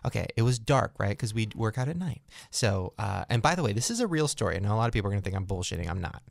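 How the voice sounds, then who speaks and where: A man's voice: fairly low pitch, racing, gravelly, no echo. A young man hosting a casual chat show, telling a story with lots of energy and acting out the voices in it. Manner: animated, acts out voices in his stories. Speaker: podcast host.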